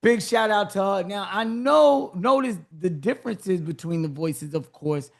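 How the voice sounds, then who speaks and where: A podcast host interviewing a guest, hyped and encouraging, giving big shout-outs. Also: mid-range voice, animated, a little slow, vocal fry.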